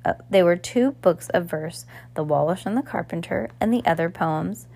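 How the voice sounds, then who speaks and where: A woman's voice: lowish voice, animated, normal speed, vocal fry, mellow. A woman reading a novel aloud as narrator, with occasional slips and restarts. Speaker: reader. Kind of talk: amateur audiobook narration.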